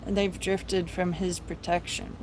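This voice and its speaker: A woman's voice: fairly low pitch, level tone, unhurried, slight background noise, poor audio. A young woman hosting a live stream, talking in an earnest, preachy, pleading way about faith. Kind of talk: impassioned religious vlog talk.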